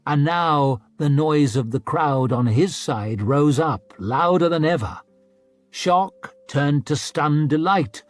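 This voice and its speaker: Slow, measured male audiobook narrator. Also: mid-range voice, dry recording.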